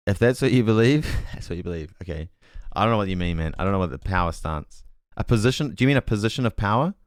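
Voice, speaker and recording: A man with a fairly low voice streams a casual Bible talk, thinking aloud and correcting himself as he goes. He reads chat messages aloud with puzzled asides, in clean studio sound without echo.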